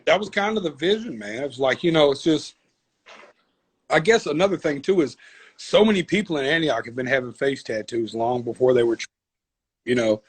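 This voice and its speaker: A man with a Southern accent, a guest chatting casually in an interview, laid-back and quick to laugh. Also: mid-range voice, fairly bright tone, slightly rough. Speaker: guest rapper.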